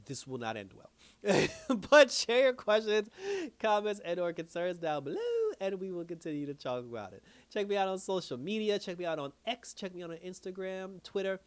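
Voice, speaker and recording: A man's voice: high-pitched, expressive, normal speed, smooth. A man hosting a casual TV review channel, recapping an episode in a loose, slangy way, often breaking into laughter. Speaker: TV show reviewer.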